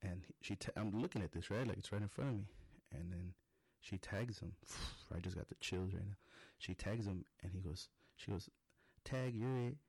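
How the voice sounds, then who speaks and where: Gravelly low-voiced man telling a profane story. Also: normal speed, a little mellow, no echo. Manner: rambling, heavy swearing, acts out quoted lines.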